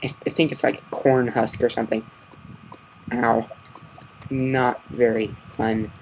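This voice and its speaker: Male gamer, casual commentary, mutters curses then yelps, mid pitch, faint hiss behind. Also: little pitch movement, unhurried, poor audio. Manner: muttering curses under his breath, then loud outbursts. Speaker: gamer narrating his gameplay. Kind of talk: casual Let's Play commentary.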